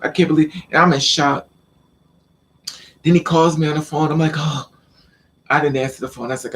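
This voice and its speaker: A man telling a personal story in a casual vlog, talking in an animated way with stammering repeats and acting out the lines of the people in it. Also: a little high, brisk, pauses often, a little hiss or hum. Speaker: vlogger.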